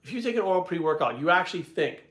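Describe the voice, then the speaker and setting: Blunt, profane man, coach type; rapid delivery, roomy echo. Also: sits high, expressive, a bit bright. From Providence, Rhode Island. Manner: blunt, heavy swearing, rambling asides. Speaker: bodybuilding coach answering questions. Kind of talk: casual storytelling and Q&A. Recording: echoey room.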